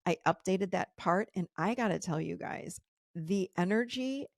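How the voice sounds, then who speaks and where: A woman's voice: fairly low pitch, measured pace, vocal fry, dry recording, studio quality. A middle-aged woman hosting a podcast, candidly retelling a personal story and acting out the dialogue. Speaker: podcast host.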